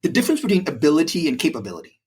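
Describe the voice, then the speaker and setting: Give me an animated man in his forties with a slightly high, husky voice, telling stories as a podcast guest. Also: rapid-fire. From India. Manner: animated, frequent "like" fillers and restarts. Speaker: podcast guest, brokerage president. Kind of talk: conversational storytelling.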